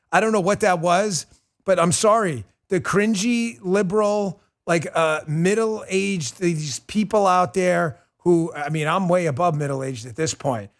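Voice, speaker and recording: A man in his forties hosting a live political stream, blunt and emphatic, ranting at viewers. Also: high-pitched. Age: 40s. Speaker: political show host.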